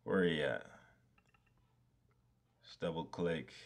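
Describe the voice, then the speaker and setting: With a bass voice and a slow pace, a man provides casual live-stream commentary as he does design work. He mutters to himself, swears freely, and laughs at his mistakes.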